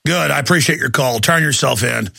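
A man hosting a talk radio show, ranting heatedly and shouting at times, then taking calls. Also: mid-range voice, creaky. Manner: angry, shouting at times, fast bursts.

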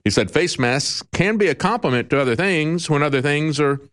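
Man hosting a talk show, lively swinging pitch, emphatic and indignant, sarcastic asides. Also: fairly quick. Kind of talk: opinionated talk commentary.

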